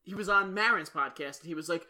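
A man co-hosting a podcast in casual chat, telling animated stories, swearing and acting out quotes. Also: sits high, fast. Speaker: podcast co-host.

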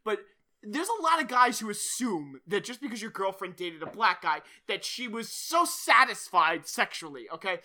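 A man's voice: high-pitched, sing-song, normal speed, sharp tone. A man hosting a podcast in casual chat, rambling, swearing and often laughing. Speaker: podcast host.

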